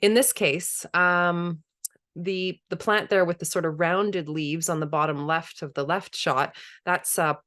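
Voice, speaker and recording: A woman's voice: fairly low pitch, fairly even intonation, unhurried, fairly bright tone. A woman presenting a webinar on a video call, conversational and enthusiastic, laughing easily as she explains. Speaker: permaculture presenter.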